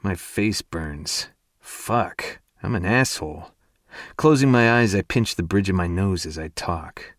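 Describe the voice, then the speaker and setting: A man narrating a first-person romance audiobook in an intimate, hushed and breathy way. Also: low-pitched, animated, unhurried, no echo, clean studio sound.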